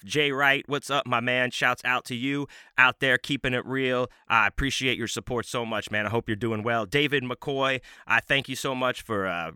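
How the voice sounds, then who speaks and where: A man hosting his own podcast, chatting loosely and rambling through effusive shout-outs to his supporters. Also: lowish voice, clean tone, no room sound, studio quality. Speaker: podcast host. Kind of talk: casual podcast chat.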